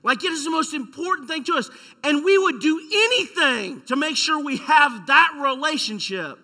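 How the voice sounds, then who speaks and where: Bright high-voiced preacher in a reverberant hall. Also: male voice, lively intonation, normal speed. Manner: emphatic, rhetorical questions, storytelling. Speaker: pastor. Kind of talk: sermon.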